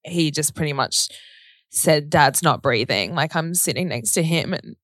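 A woman's voice: deep voice, normal speed, no room sound, clean studio sound. Australian woman telling a personal story. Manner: chatty, fillers of "like", acts out quoted speech.

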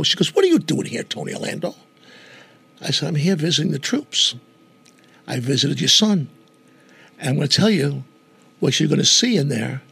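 A gravelly older man tells a story in an animated way, taking on the voices of the people in it. His voice is strongly raspy and pitched a little high for a man. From New York. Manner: animated storyteller who acts out quoted voices. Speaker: guest entertainer. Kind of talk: storytelling in conversation.

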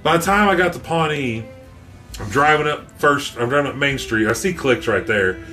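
A man telling a profane, animated story in casual podcast chat, acting out what people said. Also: medium pitch, normal speed, soft background music.

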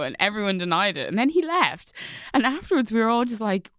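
Animated, giggly female storyteller, lively pitch, dry mic. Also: brisk, no room sound. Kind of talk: casual anecdote.

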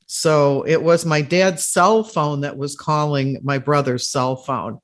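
An interview host sharing a story in an unhurried, warm conversational way. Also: medium pitch.

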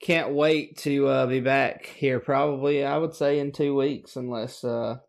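A man's voice: medium pitch, steady tone, measured pace, creaky. A man co-hosting a podcast in casual, rambling chat with many fillers. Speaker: podcast co-host.

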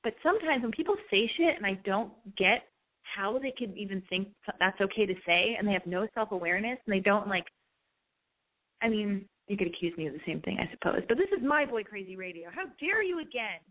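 A woman's voice: mid-range voice, expressive, a little fast. A woman hosting her own show, telling a rambling, profane, self-mocking story in casual chat. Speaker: podcast host. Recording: tinny phone-like line.

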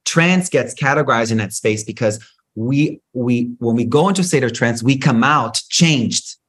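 A man hosting a solo spiritual podcast, talking in an animated, profane, rant-like way with big swings in pitch. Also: moderate pace. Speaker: podcast host.

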